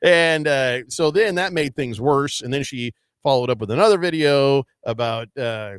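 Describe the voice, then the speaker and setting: A man hosting a sports talk radio show tells stories casually, rambling with lots of fillers and restarts. His voice is mid-range, smooth, and moderately paced, captured on a studio microphone with clean sound and no echo.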